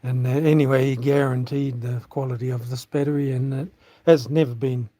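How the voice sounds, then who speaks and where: Kiwi bloke yarning on a live stream out on the farm, dry close sound, swears a bit. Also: male voice, medium pitch, fairly even intonation, fairly quick, dark tone, no echo. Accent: New Zealand. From New Zealand. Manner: rambling, swears casually, thinks aloud with fillers. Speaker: livestream vlogger. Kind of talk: casual live-stream chat. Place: outdoors on rural farmland.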